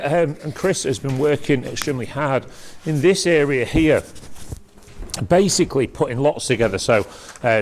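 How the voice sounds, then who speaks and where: This man has a medium-pitched, slightly mellow voice and talks at a moderate pace. He's leading a chatty walking tour of a large industrial workshop, pointing out things to be auctioned as he goes, with a little hiss or hum in the background.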